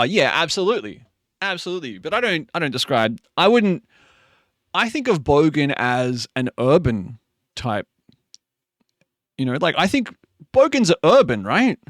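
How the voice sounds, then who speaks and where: Sleepy Queensland-accented male streamer, casual and sweary, animated pitch, dry close mic. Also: no room sound. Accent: Australian, Queensland. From Queensland, Australia. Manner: chatty, laughing, swearing, sleepy. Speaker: livestream host. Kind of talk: casual chat reading viewer messages.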